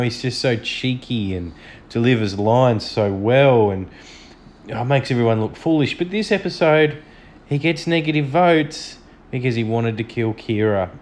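Guy doing a solo podcast at home, chatty and excited, pitch right in the middle. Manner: enthusiastic, chatty, self-deprecating. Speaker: podcast host. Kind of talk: solo podcast episode review. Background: dog snoring.

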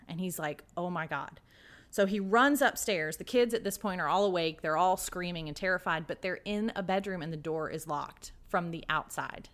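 A woman co-host with a fairly low voice tells a story in a relaxed podcast chat. She leans into it dramatically and acts out what people said. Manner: dramatic storyteller acting out quotes.

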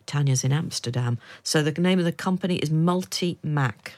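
A woman's voice: sits low, brisk, a little mellow. Dry-humoured woman co-host. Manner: dry, self-mocking humour, laughs often. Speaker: podcast co-host. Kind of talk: casual chat.

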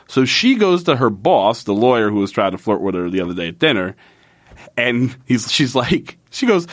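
A young man talks through a show's plot in rambling casual chat, swearing freely with incredulous sarcasm. His voice sits at a middle pitch and the recording is dry and close, with little room sound. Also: very animated, a little fast, no echo. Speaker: podcast co-host recapping a TV episode.

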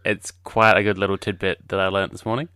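A man's voice: low-pitched, flat delivery, quick pace, sharp tone, clean tone, no echo. A man co-hosting a casual movie commentary chat, making dry, sarcastic quips and swearing casually. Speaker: podcast co-host.

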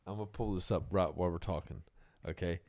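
A man's voice: sits low, quick pace, darkish tone. A young man hosting a casual podcast chat about music, loose and profane, often trailing off and restarting.

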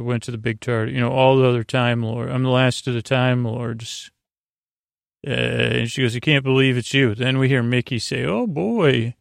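A man's voice with a gravelly, creaky edge and a nearly monotone line drifts through an episode recap at a sleepy, halting pace. He reads the characters' lines in his own plain voice, without acting them out. The sound is close and dry, with no room around it. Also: medium pitch, dry recording. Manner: halting and unhurried, with many pauses and filler sounds. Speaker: podcast host.

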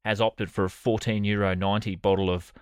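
An Australian man spins a comic story in a deadpan, sardonic way, dropping swear words without fuss. His voice sits low, and the recording is close and dry with no room sound. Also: fairly quick, clean tone, no room sound. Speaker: podcast co-host. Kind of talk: comedic storytelling chat.

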